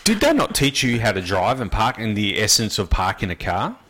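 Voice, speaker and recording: A man's voice: lowish voice, wildly swooping pitch, normal speed, background noise. A man co-hosting a casual talk show, chatty and laughing as he talks. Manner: chatty, laughs while talking. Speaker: radio co-host. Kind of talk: casual chat.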